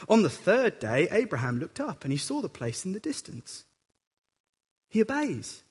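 A man preaching a sermon with animated delivery, swinging between dramatic outbursts and quiet reflection. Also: sits high, normal speed, husky. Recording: echoey hall reverb.

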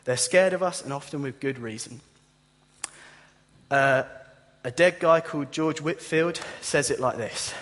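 A man's voice: on the high side, a little slow, long pauses, big-room sound. A man preaching a sermon, telling stories with humour and acting out the voices of the people in them. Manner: animated storytelling, acts out voices with humour.

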